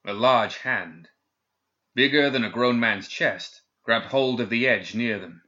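A man reading a fantasy novel aloud in a steady, measured storytelling manner. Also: mid-range voice, highs cut off. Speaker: audiobook narrator. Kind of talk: scripted fantasy narration.

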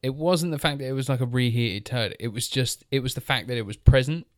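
A man's voice: medium pitch, fairly quick, no echo, clean studio sound. A man defending a film with enthusiasm on a casual review podcast. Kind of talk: casual chat.

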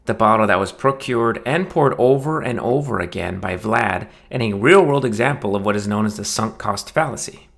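Low-voiced man narrating a wry story. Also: expressive, normal speed, vocal fry, hardly any pauses, a bit bright. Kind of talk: scripted audiobook narration.

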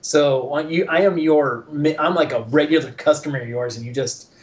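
A man's voice: a little high, normal speed. A man in casual chat, telling a story with lots of swearing and acting out the other people's lines. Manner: profane, animated storyteller acting out dialogue.

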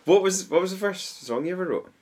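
A man hosting a podcast in a guest's home studio, upbeat and quick to laugh, with many short affirmations. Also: sits high, expressive, darkish tone. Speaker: podcast host. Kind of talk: casual interview chat.

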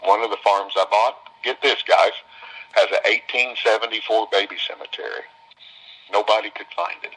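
Man, folksy storyteller, deep, bright and forceful, repeats himself for emphasis. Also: steady tone, moderate pace, slightly rough, low-quality recording. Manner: homespun, repeats phrases for emphasis. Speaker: business owner speaking to visitors.

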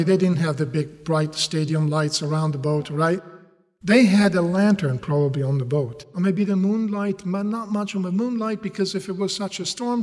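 Guy preaching, english not his first language, keeps asking the crowd questions, echoey big hall. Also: high voice. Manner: animated storytelling, rhetorical questions to the audience. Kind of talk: sermon.

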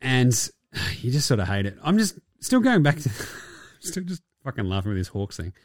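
A man's voice: mid-range voice, very animated, moderate pace, no echo. Aussie guy hosting a sports podcast, swears a lot, sarcastic, dry close sound. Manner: crude, sarcastic, swears and laughs often. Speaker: podcast host. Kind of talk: casual basketball chat.

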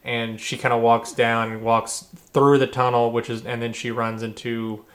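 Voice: mid-range voice, flat delivery, moderate pace. A speaker in casual chat, recapping a film in a laid-back, hedging way.

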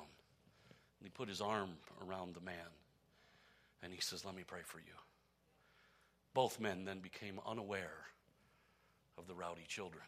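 Bright-voiced male preacher telling a story. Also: low voice, husky. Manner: storytelling preacher, swings from hushed to shouting. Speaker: pastor. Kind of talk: sermon.

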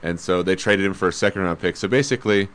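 Low smooth-voiced guy chatting sports, measured, lots of um and like. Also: fairly bright tone. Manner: measured, explanatory, hedging with fillers. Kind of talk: casual sports chat.

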